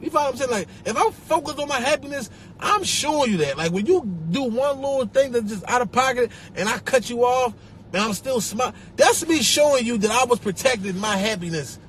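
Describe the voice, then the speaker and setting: A young man with a Philadelphia accent ranting on a live stream, profane and animated, repeating himself and breaking into laughter. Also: high voice, brisk, a little hiss or hum. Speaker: social media personality. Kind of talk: rambling live-stream rant. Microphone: phone.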